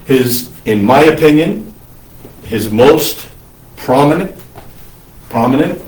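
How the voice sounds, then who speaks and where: A male priest giving an unscripted lecture, halting often to restart his sentences. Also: mid-range voice, lively intonation, a little mellow. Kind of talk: recorded lecture. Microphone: single mic, speaker sometimes covers it. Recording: roomy echo, mic at a distance.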